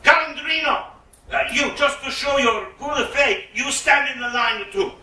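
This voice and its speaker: Man doing a sly, scheming trickster, lower and coaxing, echoey room, distant mic. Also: measured pace, pushed and bright, full character voice. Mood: commanding. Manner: coaxing, conspiratorial. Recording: roomy echo, mic at a distance.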